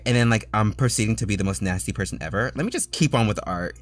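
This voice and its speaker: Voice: mid-range voice, fast talker, hardly any pauses, no echo. A streamer chatting casually with viewers while drawing, playful and teasing and laughing often.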